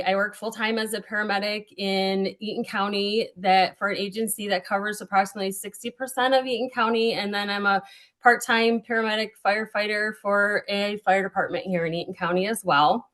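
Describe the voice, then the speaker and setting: A woman's voice: mid-range voice, fairly bright tone. A woman mayor giving prepared remarks at a town hall, earnest, with frequent ums and small self-corrections.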